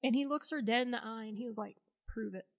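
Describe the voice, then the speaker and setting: A woman's voice: on the high side, fast. A woman guest telling a personal story in an interview, blunt and profane, acting out the dialogue she quotes. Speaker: podcast guest, Navy veteran.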